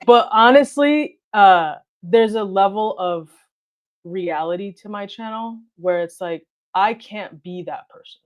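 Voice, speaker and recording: A woman talks through her thoughts as a guest in a relaxed conversation, her voice sitting at an ordinary middle pitch. Her delivery is straight and to the point, close to monotone, and she often restarts a phrase before landing it. She sounds reflective rather than showy. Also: a little slow. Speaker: guest, car detailing video creator. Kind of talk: casual interview conversation.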